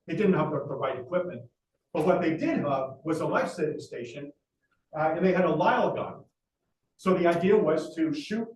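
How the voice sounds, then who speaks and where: High-voiced man telling a dramatic history. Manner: dramatic storyteller with frequent "uh" fillers. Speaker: lecturer. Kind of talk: storytelling history lecture. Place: library talk room. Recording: roomy echo, distant mic, faint hiss.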